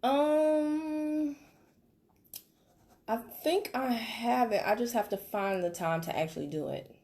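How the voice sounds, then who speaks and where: A woman's voice: fairly high pitch, slow pace, darkish tone, voice pushed up. A woman playing a busy working mom customer who hesitates and rambles through a sales call role-play. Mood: distracted.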